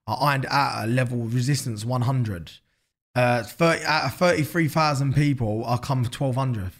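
A man in his thirties with an Essex accent, talking casually and animatedly as a podcast guest, swearing freely and repeating himself. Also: mid-range voice. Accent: Essex English. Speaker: podcast guest, business founder. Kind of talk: casual interview chat.

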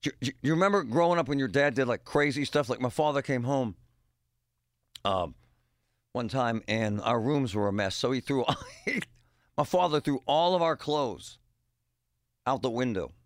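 A man's voice: mid-range voice, expressive, normal speed, long pauses, dry recording, clean studio sound. A middle-aged man hosting a radio show, rambling and joking in a casual monologue with punchy exclamations.

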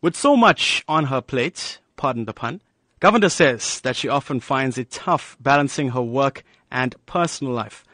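A male reporter reads a cheerful news feature in a smooth, even voice of middle pitch. The voice-over is close and very dry, with no room sound at all. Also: normal speed, no room sound. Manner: polished, upbeat feature delivery. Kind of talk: scripted news narration.

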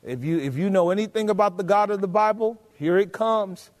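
A man's voice: high-pitched, brisk. A man preaching a sermon, emphatic, often asking the congregation rhetorical questions. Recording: long hall reverb.

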